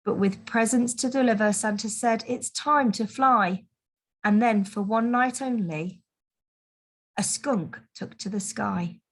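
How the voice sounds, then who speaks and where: A woman teacher reading a Christmas picture book aloud to children, in a gentle, expressive storytelling manner. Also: medium pitch, measured pace. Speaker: primary school teacher.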